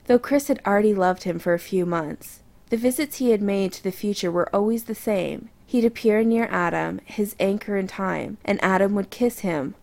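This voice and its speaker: A woman narrating romance fiction aloud with soft, intimate storytelling. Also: mid-range voice, creaky.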